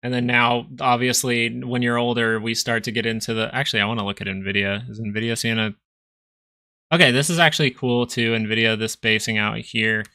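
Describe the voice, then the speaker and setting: A man's voice: mid-range voice, steady tone, fairly quick, pushed and bright. A young man hosting a live stock market stream, giving casual, rambling chart commentary and joking with viewers. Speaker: stock market livestream host.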